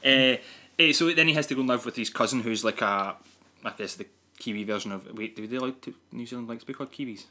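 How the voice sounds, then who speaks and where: Fast-talking bright-voiced man reviewing a film. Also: mid-range voice. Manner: rambling, laughs often, many fillers. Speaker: podcast co-host. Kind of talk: casual movie review chat.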